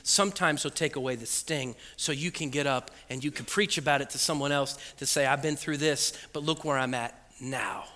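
Male pastor, storytelling sermon, high and sharp voice, reverberant church hall. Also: normal speed, few pauses. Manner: animated storytelling, acts out voices and beeps, laughs often. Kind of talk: sermon with a comic personal story. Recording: echoey hall with long reverb.

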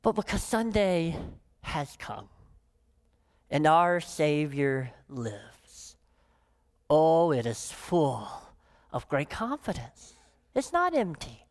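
A woman pastor preaching a sermon, emphatic, often dropping into soft, low phrases for weight. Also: big pitch swings, slow pace, long pauses.

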